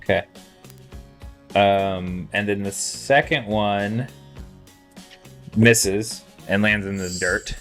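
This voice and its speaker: A man narrating a tabletop game as game master in a casual, halting way, swearing freely. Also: on the low side, fairly bright tone, faint music behind.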